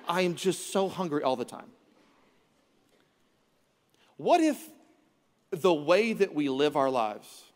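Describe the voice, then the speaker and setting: A man's voice: a little high, in a large hall. A man preaching as pastor, conversational and humorous, with self-deprecating jokes. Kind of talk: sermon.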